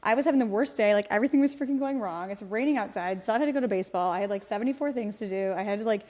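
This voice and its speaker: A woman's voice: medium pitch, racing, darkish tone. A woman in her thirties hosting a podcast, chatting casually and telling stories that quote other people in her own voice. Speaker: podcast host. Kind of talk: casual chat.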